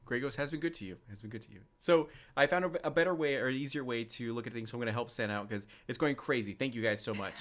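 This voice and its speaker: A man's voice: medium pitch, fast, hardly any pauses, a bit bright. A man narrating a tabletop role-playing game as game master, in a loose, rambling way with lots of fillers.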